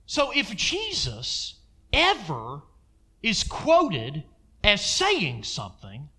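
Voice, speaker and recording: A man's voice: sits high, huge pitch swings, very slow, pushed and bright, husky. A man preaching a sermon in an emphatic way, throwing asides like "amen?" to his congregation.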